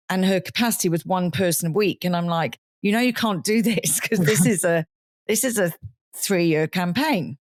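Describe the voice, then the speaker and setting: A woman's voice: lowish voice, fairly quick, no room sound. A woman co-hosting a podcast in casual chat, laughing often and acting out the people she quotes with disbelief. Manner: laughs often, acts out quotes with incredulous emphasis. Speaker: podcast co-host.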